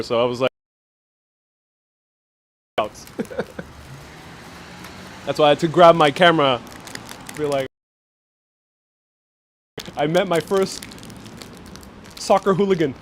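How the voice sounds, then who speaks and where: A man's voice: on the high side, a little slow, long pauses, slight background noise. Chatty man vlogging on the street. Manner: chatty, laughs often, many fillers and restarts. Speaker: travel vlogger host. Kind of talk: casual live-stream walking vlog chat. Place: outdoors on city streets. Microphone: phone held in hand while live streaming.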